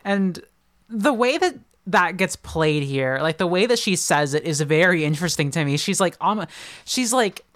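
A podcast co-host chatting casually and making dry, joking asides. The voice is smooth and clear. It is recorded close and dry, with no room sound. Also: mid-range voice, lively intonation, normal speed, fairly bright tone, no echo. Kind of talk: casual chat.

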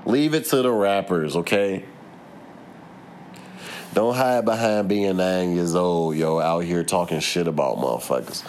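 A man's voice: low voice, unhurried, a little mellow, slight background noise. A man in a casual vlog, ranting with plenty of swearing and rambling asides while laughing at himself. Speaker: vlogger. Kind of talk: casual profane rant.

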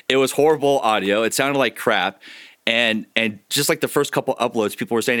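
A man's voice: mid-range voice, brisk, fairly bright tone, clean tone, no room sound, clean studio sound. A man co-hosting a podcast, chatting casually and swearing freely, a voice actor who slips into impressions.

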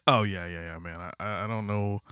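A man's voice: lowish voice, fairly even intonation, fairly quick, fairly bright tone, smooth, no room sound, studio quality. A man hosting a podcast in casual chat, rambling and hesitant with lots of fillers and cursing. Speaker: podcast host.

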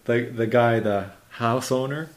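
A man chatting casually about movies, halting and repeating words as he retells scenes. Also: mid-range voice. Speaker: conversation partner. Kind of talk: casual chat about films.

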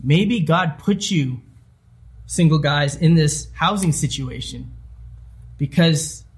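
A young man preaching a sermon, talking to his congregation like he's chatting with friends. He slips into little acted-out quotes and asides as he goes. His voice sits somewhat high for a man. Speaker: pastor.

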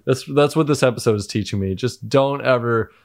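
A man co-hosting a casual reality-show recap, measured and wry in his commentary. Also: medium pitch. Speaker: podcast co-host.

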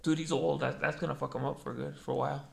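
A man's voice: medium pitch, flat delivery, fast talker, creaky, a little mellow. A young man chatting casually with a friend, slangy, joking and swearing a lot. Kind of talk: casual chat.

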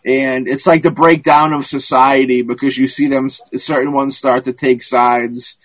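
A man in casual podcast chat, retelling a film plot in a rambling, profane and animated way, with many restarts. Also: mid-range voice, normal speed, no echo, low-quality recording.

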